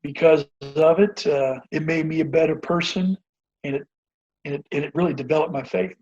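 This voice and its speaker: Husky-voiced man telling a coaching story. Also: a little high, steady tone, moderate pace, a little mellow. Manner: earnest, rambling with many fillers and restarts. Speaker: basketball coach, guest. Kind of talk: casual interview storytelling. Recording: dull lo-fi audio.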